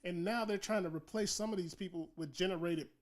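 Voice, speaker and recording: Emphatic higher-voiced man co-hosting. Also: brisk. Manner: emphatic, rhetorical "guess what" build-ups. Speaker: podcast co-host. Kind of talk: casual chat.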